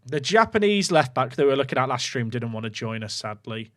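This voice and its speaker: A gaming streamer talks casually to his viewers, thinking out loud as he plays a football management game. His mid-range voice swings widely in pitch and moves fairly quickly.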